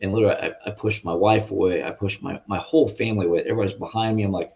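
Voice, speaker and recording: Guest man, low-pitched, earnest and halting, on a dull lo-fi video call line. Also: steady tone, creaky, darkish tone. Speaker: interview guest. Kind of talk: personal faith testimony. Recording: muffled lo-fi audio.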